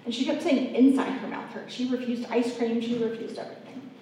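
A woman with a slightly high, dark-toned voice delivers her faith testimony briskly and with fairly even intonation, earnest and heartfelt as she talks directly to the audience. The recording comes from a distant mic in an echoey room with faint background noise.

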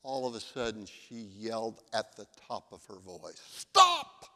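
A man's voice: on the low side, normal speed. Man, pastor, conversational sermon, echoing sanctuary. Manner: conversational storytelling.

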